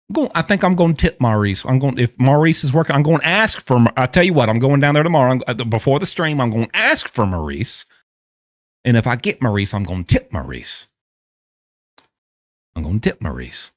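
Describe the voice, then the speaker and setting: A man's voice: mid-range voice, big pitch swings, moderate pace, pauses often, no echo, studio quality. A man chatting casually and playfully with his live-stream audience. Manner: playful, joking banter with chat. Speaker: livestreamer.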